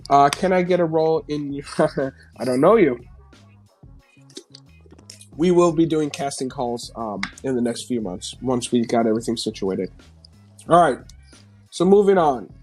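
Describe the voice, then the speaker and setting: A man's voice: mid-range voice, animated, normal speed, pauses often, a little mellow. Man, New York-raised live-stream host; sarcastic and foul-mouthed, laughs through headlines, faint music underneath. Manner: sarcastic, profane, laughs often while reading headlines. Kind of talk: casual live-stream news commentary. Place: home.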